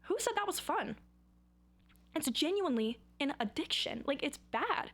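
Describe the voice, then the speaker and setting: Young female vlogger, a bit high-pitched, rambling and silly to camera. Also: big pitch swings, moderate pace, a bit bright. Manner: rambling, goofy, self-mocking. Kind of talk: casual chat to camera.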